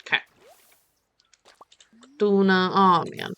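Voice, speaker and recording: A woman's voice: mid-range voice, fairly even intonation, takes it slowly, a bit bright, clear, resonant tone, muffled recording. A woman streamer chatting playfully while she plays, talking to the game as she goes. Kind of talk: casual gameplay chat.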